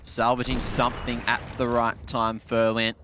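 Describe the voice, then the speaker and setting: A man casting an esports match play-by-play, excitable and jokey, jumping up in pitch on big plays. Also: normal speed, background noise. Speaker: esports caster. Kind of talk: play-by-play commentary.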